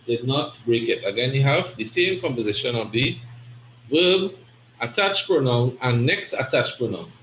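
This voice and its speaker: A man's voice: mid-range voice, expressive, moderate pace, fairly bright tone. A man teaching an Arabic grammar class, explaining step by step and often checking in with "right?". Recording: echoey room with faint noise.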